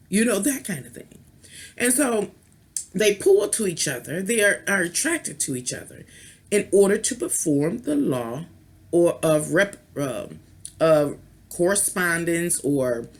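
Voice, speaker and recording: A woman's voice: mid-range voice, vocal fry. A woman vlogger and tarot reader rambling in a casual rant, chatty and playful, with sultry, knowing asides. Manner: chatty, rambling, with restarts and playful beeping sounds.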